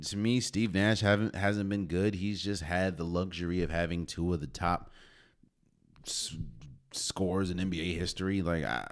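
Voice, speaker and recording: A man hosting a solo podcast, talking casually and conversationally, often repeating himself and restarting phrases. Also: low voice. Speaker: podcast host. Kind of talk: solo sports talk.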